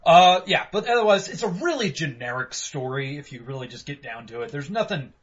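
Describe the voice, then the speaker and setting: A man co-hosting a game review podcast, talking in an animated way and swearing freely. His voice sits fairly high for a man. The audio is dull and lo-fi. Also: brisk. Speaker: podcast co-host. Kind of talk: casual game review chat.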